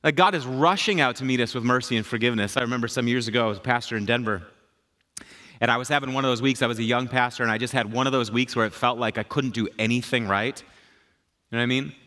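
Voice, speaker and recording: A man's voice: medium pitch, fast talker, pushed and bright. A middle-aged man, a pastor, preaching a sermon in a conversational, emphatic way, repeating his key phrases.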